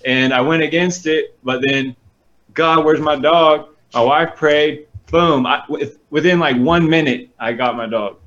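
A man with a slightly raised pitch tells a story in a loose, animated way and acts out the voices in it. His voice comes through a dull, lo-fi recording. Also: a little slow, few pauses. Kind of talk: casual storytelling.

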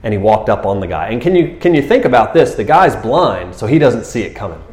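Animated preaching man in an echoey room. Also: fairly quick. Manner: animated storytelling, acting out scenes with high excited voices and laughter. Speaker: pastor. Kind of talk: sermon.

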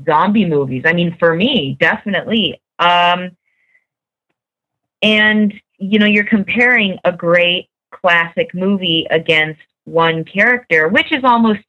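Woman on a podcast, bright voice, kinda lowish, lots of ums, dull sound. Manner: hesitant, lots of fillers. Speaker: podcast panelist. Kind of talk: casual podcast chat.

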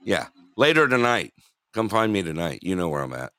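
A man hosts a laid-back radio show, chatting with lots of fillers and easy laughs. His voice sits low but swings around with lively pitch. The sound is dry and close-miked. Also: brisk, no echo. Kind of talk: casual radio chat.

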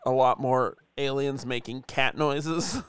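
A man in a casual movie chat, relaxed and joking, laughing often. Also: mid-range voice, slow, clean tone, no room sound.

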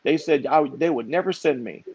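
A middle-aged man telling a story in lively conversation, acting out the voices of the people in it. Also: fairly high pitch, fairly quick, slightly rough, no echo. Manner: animated, acts out quoted voices. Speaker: podcast guest. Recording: dull, dry, lo-fi sound.

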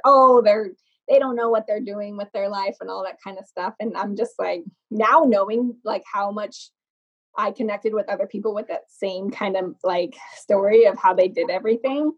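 A woman's voice: medium pitch, husky. A young woman makeup artist telling her story in a casual interview, chatty, laughing often and using lots of fillers. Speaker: podcast guest, makeup artist. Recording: slightly dull lo-fi sound.

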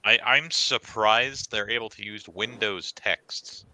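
A man's voice: on the low side, slow, bright, forceful tone, poor audio. A man co-hosting a casual podcast chat, making dry, sarcastic remarks. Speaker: podcast co-host.

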